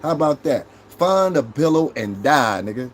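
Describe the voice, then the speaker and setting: On his casual livestream, a thirty-something man with a New York accent addresses his chat brashly and profanely. His slightly high voice has lively intonation at a normal speed, with a bit of background noise.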